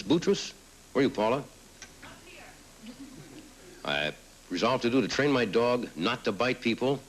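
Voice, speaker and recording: A man's voice: mid-range voice, a little hiss or hum, low-quality recording. A middle-aged man hosting a late-night talk show, reading audience cards aloud and teasing them with wry quips. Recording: old TV broadcast with loud audience. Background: studio audience laughing.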